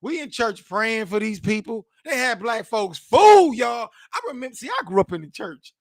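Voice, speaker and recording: A man in his forties reacting to news clips as host, animated, emphatic and mocking, full of slang. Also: very high voice, moderate pace, no room sound, clean studio sound.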